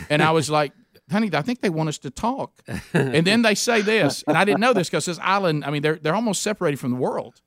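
A man's voice: on the high side, expressive, a little fast, a bit bright, no echo, clean studio sound. A man hosting a radio talk show, chatting casually and telling stories jovially. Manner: jovial storyteller. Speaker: radio host.

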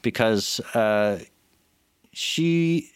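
A man's voice: fairly low pitch, lively intonation, drawn-out words, smooth, no room sound, clean studio sound. A man cohosting a podcast, chatting casually and giving strong opinions with many restarts, into a microphone. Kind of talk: casual chat. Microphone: studio microphone.

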